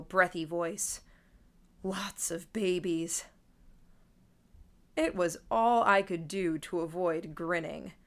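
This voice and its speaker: A woman narrates a first-person audiobook in a mid-pitched voice. Her delivery is dry and wry. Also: fairly bright tone.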